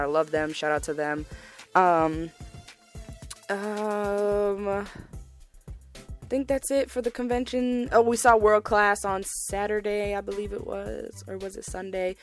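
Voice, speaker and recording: A young woman hosting her podcast, chatting casually and gushing, repeating words for emphasis. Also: mid-range voice. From Massachusetts, USA. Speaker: podcast host. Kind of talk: casual solo podcast recap.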